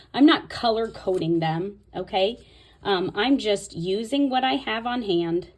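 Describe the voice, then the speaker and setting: A woman host talking casually through a Bible tabbing tutorial, thinking aloud as she marks pages. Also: medium pitch. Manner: chatty, thinking aloud while marking her Bible. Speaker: Bible study video host.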